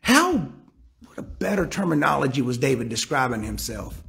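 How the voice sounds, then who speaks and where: A man's voice: mid-range voice, big pitch swings, moderate pace, vocal fry, a bit bright. A man preaching a sermon, emphatic and driving his points home with rhetorical questions.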